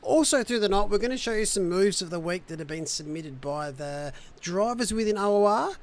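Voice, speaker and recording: High-pitched guy hosting a race stream, bantering and hyped, slangy. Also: expressive, fairly quick. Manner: upbeat, jokey banter with slang. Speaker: race broadcast host. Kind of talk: livestream race show hosting.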